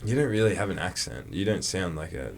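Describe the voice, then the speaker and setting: A young Australian man with a very low voice, chatting casually as a podcast co-host. He is easygoing and quick to poke fun at himself. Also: animated, gravelly, a little hiss or hum. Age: young adult. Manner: easygoing, self-deprecating, quick laughs. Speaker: podcast co-host, college football player. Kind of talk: casual chat.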